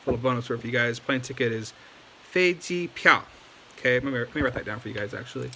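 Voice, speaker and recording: A man's voice: medium pitch, steady tone, very fast, creaky, pushed and bright, a little hiss or hum. Chatty man teaching casually. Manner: loose and chatty, many ums and likes. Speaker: language teacher. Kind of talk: casual video lesson.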